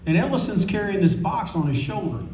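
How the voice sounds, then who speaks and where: A man's voice: high voice, very animated, fairly quick, a little mellow, slight background noise. An older man telling rambling anecdotes at a convention panel, acting out what others said. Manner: rambling, acts out quotes of others. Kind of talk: casual anecdotal storytelling. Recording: echoey room from a distance, faint ambience.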